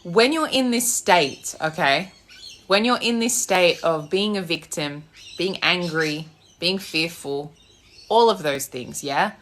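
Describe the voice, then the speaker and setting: A woman's voice: on the low side, slow pace, a bit bright, slight background noise. A young Australian woman, a manifestation coach, ranting bluntly on a live stream and swearing freely. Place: home with loud birds outside.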